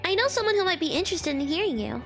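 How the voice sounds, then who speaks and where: A woman's voice: extremely high pitch, big pitch swings, rapid-fire, fairly bright tone, faint music behind, exaggerated voice. A woman voicing a friendly, polite female party host as she reads game dialogue aloud. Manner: polite, encouraging reading of game lines.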